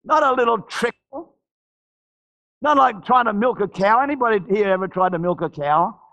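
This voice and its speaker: A man preaching a charismatic church sermon, fervently shouting praises and repeating phrases. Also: sits high, expressive, normal speed, lo-fi sound. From Australia. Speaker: pastor. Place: church service.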